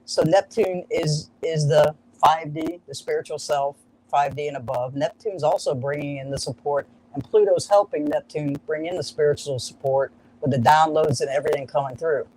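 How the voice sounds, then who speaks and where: A man's voice: on the high side, steady tone, normal speed, darkish tone, a little hiss or hum, low-quality recording. A man explaining an astrology chart in a live-streamed chat, indoors at a farm, with an upbeat, jokey, explanatory manner.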